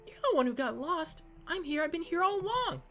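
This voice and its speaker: A man voicing a cheerful, teasing little girl in a high sing-song falsetto, reading a game's lines. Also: animated, brisk, bright, forceful tone, soft background music, exaggerated voice.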